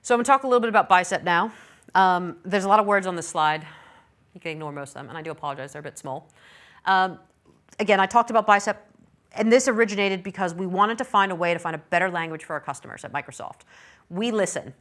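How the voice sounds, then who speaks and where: Woman, middle-aged, conference speaker, lower voice, chatty, self-deprecating. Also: fast talker, a bit bright. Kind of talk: technical conference talk.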